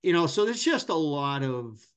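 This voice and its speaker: A middle-aged man, a hockey journalist guest on a podcast, chatting casually and telling long rambling anecdotes that turn loud and animated. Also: on the high side, normal speed, clear, resonant tone.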